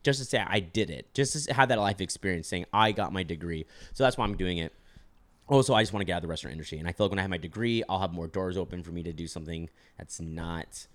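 Casual deep-voiced young man. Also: fast, a bit bright. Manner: rambling, filler-heavy, joking. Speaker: podcast host. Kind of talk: casual chat.

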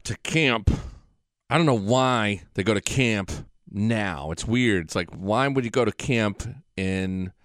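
Rambling and swearing through a loose monologue, this radio host has a mid-range, fairly bright voice. The studio mic recording is close and dry, with no room sound.

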